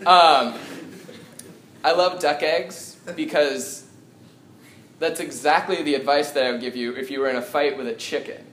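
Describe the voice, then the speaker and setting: A man's voice: a little high, a little slow, long pauses, a bit bright. A young man doing live stand-up comedy in a small coffeehouse, rambling and self-deprecating with lots of ums. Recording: echoey room, noisy live audience.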